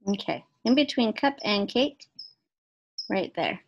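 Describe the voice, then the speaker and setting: A woman teacher giving a recorded phonics lesson to second graders, speaking slowly and clearly and pausing for imagined answers. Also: mid-range voice, animated, a bit bright, a little hiss or hum, poor audio. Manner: slow, clearly enunciated teacher talk with pauses for imagined answers.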